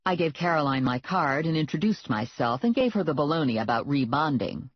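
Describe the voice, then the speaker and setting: An audiobook narrator reading a first-person comic novel in a wry, deadpan manner. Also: medium pitch, brisk, slightly rough, dry recording. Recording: dull lo-fi, dry.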